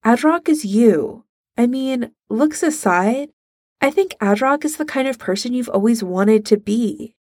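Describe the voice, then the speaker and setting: A woman's voice: fairly high pitch, lively intonation, measured pace, darkish tone, dry recording, clean studio sound, pitched above the performer's own voice. A woman playing a sly, teasing young woman. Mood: earnest. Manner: teasing and emphatic. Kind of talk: fan fiction read aloud.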